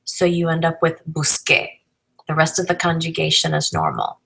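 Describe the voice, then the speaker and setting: In a recorded lesson, a Spanish teacher with a low, gravelly voice walks through grammar patiently step by step, spelling out letters as she goes. Her pitch swings widely, her pace is moderate and her tone fairly bright, though the audio is poor.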